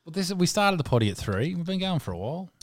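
A man's voice: a little high, big pitch swings, rapid-fire. An Australian man co-hosting a podcast, chatting in enthusiastic, sweary casual banter. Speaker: podcast co-host.

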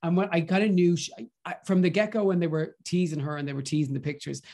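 An Irish man talks in a gushing, animated way, his voice sitting a little high for a man. He trips over restarts as his excitement runs ahead of him, in casual podcast chat. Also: fast talker, gravelly. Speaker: podcast guest. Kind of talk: casual film review chat.

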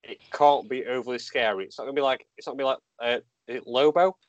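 A man's voice: medium pitch, fast, no room sound. Wry man on a dull dry mic. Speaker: podcast co-host. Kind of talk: casual chat.

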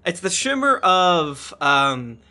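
A man playing a tabletop game, describing a character with halting, searching phrasing. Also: high voice, big pitch swings, pushed and bright. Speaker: player. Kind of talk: casual chat around a tabletop game.

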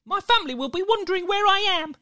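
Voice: lively intonation, quick pace, bright, forceful tone, no room sound, clean studio sound, exaggerated voice. A storyteller voicing a tiny, nervous boy from a hidden little folk in a children's story, stammering and anxious. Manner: stammering, anxious, high and breathless.

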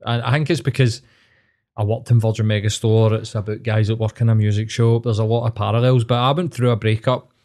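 A man's voice: lowish voice, flat delivery, brisk, darkish tone. A Scottish man co-hosting a podcast, talking in a supportive, earnest way and laughing often. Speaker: podcast co-host. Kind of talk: casual chat.

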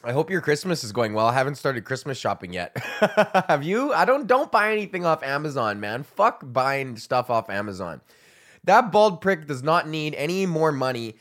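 A man's voice: a little high, sing-song, moderate pace, fairly bright tone. A man, a comedian ranting alone on his podcast, swearing and rambling while he laughs at his own jokes. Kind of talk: ranting solo podcast monologue.

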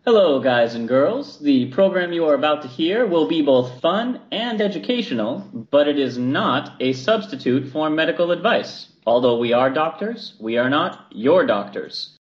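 A man hosting a medical podcast, hoarse from a cold, chatting in a wry, playful, storytelling way. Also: on the high side, lively intonation, normal speed, hardly any pauses, dull audio. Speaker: podcast host, internal medicine doctor. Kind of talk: casual chat.

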